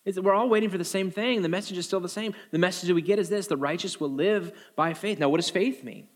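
A male pastor delivering a sermon in a lively, joking way, his voice sitting a bit high for a man. He slips into exaggerated voices for the people he quotes, then drops back to plain preaching. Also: fast. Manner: animated, jokey, acts out quotes in high voices.

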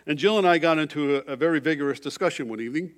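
A middle-aged male pastor preaching a sermon, telling a personal story with loud emphasis that drops to a hushed, confessional tone. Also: fairly high pitch, racing.

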